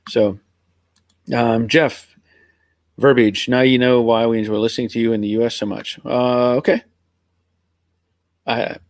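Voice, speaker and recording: A man's voice: medium pitch, dry recording. A middle-aged man from Pennsylvania with an American accent somewhere between Northern and Southern US, hosting a live stream in casual, rambling chat and reading out viewer comments. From Pennsylvania, USA. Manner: rambling, easygoing, chuckling.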